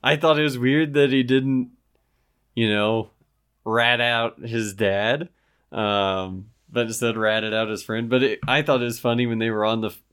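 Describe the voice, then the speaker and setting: A young man with a mid-range voice, chatting easily and recounting memories. He often pauses to gather his thoughts. The tone stays relaxed throughout. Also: medium pitch, smooth. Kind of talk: casual chat.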